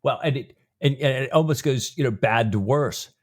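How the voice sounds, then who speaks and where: A man's voice: mid-range voice, normal speed, a little mellow. A man co-hosting a book podcast, talking conversationally and acting out his own reactions to the story. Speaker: podcast co-host. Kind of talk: book-discussion podcast chat.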